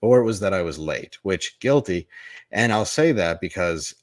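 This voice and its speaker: A man with a deep, low voice tells a long candid story as a podcast guest. He is blunt and profane, circling back with restarts as he goes. The sound is close and dry. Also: animated, normal speed, no echo. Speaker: comedian guest.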